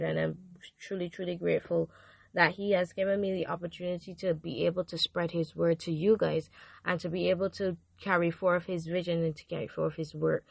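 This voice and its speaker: A teenage girl hosting her own podcast, earnestly and repeatedly thanking her listeners, her voice going hoarse. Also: fairly low pitch, no echo. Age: teens. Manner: earnest and repetitive, gushing thanks. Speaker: podcast host. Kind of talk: casual faith podcast monologue.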